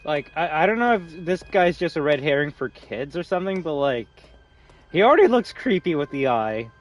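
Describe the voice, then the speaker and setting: A man's voice: a little high, very animated, moderate pace. A young man streaming a horror game live, rambling and joking as he plays. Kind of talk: live gameplay commentary.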